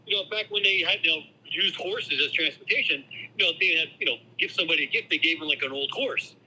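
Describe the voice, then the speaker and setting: A man's voice: on the high side, fast talker, pushed and bright, a little hiss or hum, low-quality recording. A man in his sixties telling a family story on a speakerphone call, full of "you know", in casual chat. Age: 60s. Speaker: phone-in guest, host's father.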